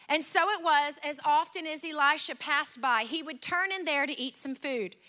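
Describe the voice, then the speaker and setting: A woman's voice: high-pitched, animated, moderate pace, hardly any pauses, sharp tone. A woman preaching a sermon in an earnest, conversational way, retelling scripture in her own words.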